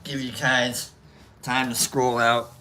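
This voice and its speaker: A man's voice: medium pitch, flat delivery, takes it slowly, pushed and bright, a little hiss or hum. A man hosting a casual livestream, rambling and joking with lots of fillers and restarts as he reads out names to say goodbye. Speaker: livestream host. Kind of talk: casual livestream sign-off reading chat names. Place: indoor room.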